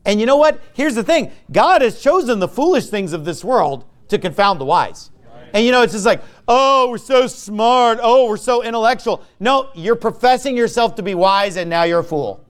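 High-voiced pastor preaching a combative sermon. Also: male voice, moderate pace. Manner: lively, swings between loud and quiet.

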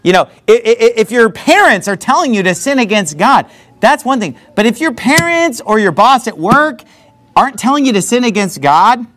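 A man's voice: very high voice, sing-song, moderate pace, fairly bright tone. A man preaching a sermon in an emphatic, conversational way, full of repeated asides. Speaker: pastor.

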